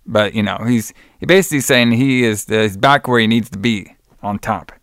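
A man's voice: on the low side, normal speed, fairly bright tone, no room sound, studio quality. A young man co-hosting a podcast, chatting casually about old wrestling shows, loose and profane, full of "like" and "brother". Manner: profane, rambling, says "brother" and "like" a lot. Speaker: podcast co-host.

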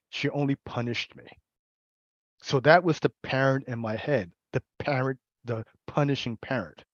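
A man's voice: medium pitch, no echo. A man in the middle register speaks openly about his recovery, stumbling over repeated words and breaking into laughter. The sound is dry and a little dull, as on a muffled recording. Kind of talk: personal recovery share.

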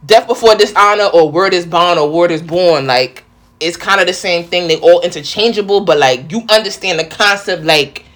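A woman's voice: lowish voice, normal speed, fairly bright tone. A young woman from the Bronx with a thick New York accent, hosting a casual solo podcast in a slangy, rowdy way. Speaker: podcast host.

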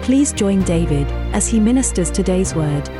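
Calm woman announcing over music. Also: mid-range voice, moderate pace. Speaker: programme announcer. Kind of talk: scripted announcement. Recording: voice over clear background music.

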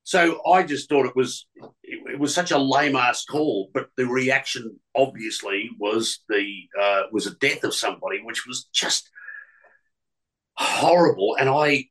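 A man's voice: mid-range voice, a little slow, fairly bright tone, low-quality recording. A man, a radio presenter telling stories as a guest, who is emotional and often repeats words and restarts. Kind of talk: storytelling interview.

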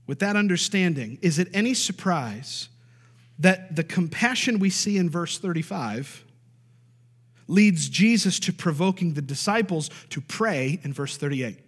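In a large church hall full of long reverb, this pastor delivers an expressive sermon at a measured pace, his high voice husky and emphatic. He hammers his points through repetition and asks the congregation for amens.

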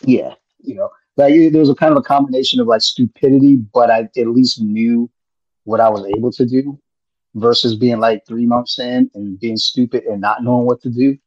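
A man's voice: mid-range voice, fairly even intonation, moderate pace, a little mellow. A man in laid-back, rambling casual chat on a podcast, swearing freely. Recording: muffled lo-fi audio.

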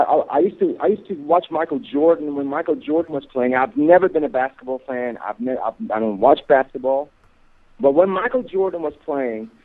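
Man on a phone line, halting, repeats himself, gets emphatic, tinny. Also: fairly high pitch. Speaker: guest. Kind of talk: interview on radio.

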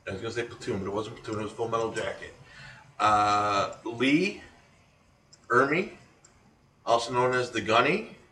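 A man's voice: medium pitch, moderate pace, long pauses, pushed and bright, far from the mic, slight background noise. Rambling man chatting in an echoey room. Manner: rambling, with frequent ums and restarts. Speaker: podcast co-host. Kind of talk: casual chat.

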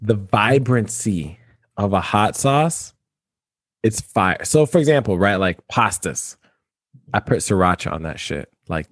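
A man's voice: on the low side, expressive, unhurried. A man chatting casually on a podcast, laid-back and slangy, swearing freely. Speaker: podcast co-host. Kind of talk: casual chat.

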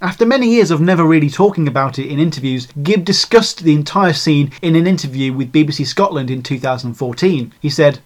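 A man's voice: a little high, brisk, hardly any pauses. Sardonic man narrating. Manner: irreverent, sardonic, swears freely. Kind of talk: video essay narration.

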